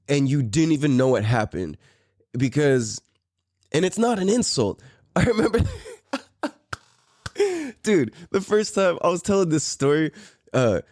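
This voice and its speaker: A man's voice: medium pitch, darkish tone, dry recording, clean studio sound. A middle-aged man from San Diego hosting a podcast, telling a story in a laid-back, profane way and laughing often. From San Diego, Mira Mesa. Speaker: podcast host. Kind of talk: casual storytelling chat.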